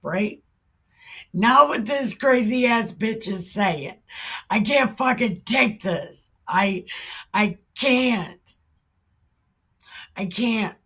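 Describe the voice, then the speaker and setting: A woman giving heated reaction commentary on the Bible, swearing often and breaking into shouts. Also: on the high side, lively intonation, very slow, vocal fry, long pauses, husky. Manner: heated, profane, bursts into shouting.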